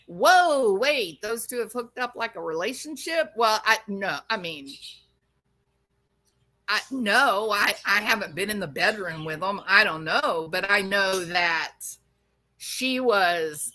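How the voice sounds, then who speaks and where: A woman's voice: medium pitch, bright, forceful tone. A woman from the Arkansas-Louisiana hill country, scolding and preaching at someone she speaks to directly. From American South, Arkansas-Louisiana area. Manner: scolding, preachy, addresses her subject directly. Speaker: commentary channel host. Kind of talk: opinionated commentary monologue.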